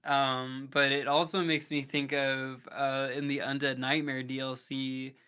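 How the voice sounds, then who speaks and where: In casual podcast conversation, this guest, a hardcore vocalist, rambles on with "like" filling nearly every phrase. His medium-pitched voice is level, unhurried, sharp and smooth.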